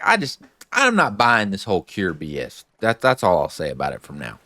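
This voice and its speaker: Recapping a TV episode in a chatty style, a male host retells scenes and follows with his own views, peppering everything with "like." He has a deep voice with huge swings in pitch, speaks fairly quickly in a pushed, bright way, and there's no room sound.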